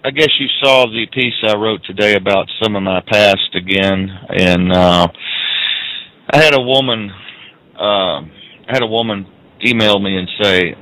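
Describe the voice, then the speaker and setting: Man, somewhat low voice, rambling blunt talk radio host. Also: unhurried, sharp tone, rough recording. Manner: rambling, repeats words, blunt storyteller.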